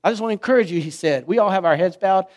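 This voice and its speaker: A middle-aged man, preaching a sermon, telling a story and swinging from hushed to fervent. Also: high voice, racing. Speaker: pastor.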